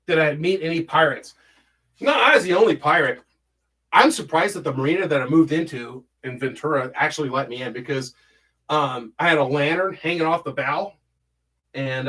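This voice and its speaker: A man's voice: fairly high pitch, sharp tone. A man hosting a casual livestream from home, reading chat and rambling through stories, swearing a lot and humming filler syllables while he scrolls.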